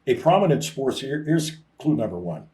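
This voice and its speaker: Dark-voiced rambling man. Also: mid-range voice, big pitch swings, normal speed, recorded from a distance. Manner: rambling and self-interrupting, with restarts. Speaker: co-host. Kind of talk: casual sports talk chat.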